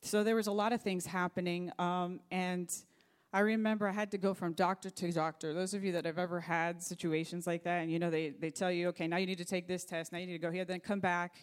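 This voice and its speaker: A woman's voice: fairly low pitch, level tone, fast. A middle-aged woman pastor preaching a sermon, telling a personal story in an earnest, faith-focused way.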